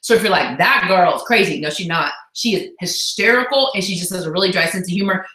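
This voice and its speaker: A woman coach talking on a casual motivational live call, heartfelt and chatty with quick asides. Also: on the low side, animated, sharp tone, reverberant, poor audio. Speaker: fitness business coach.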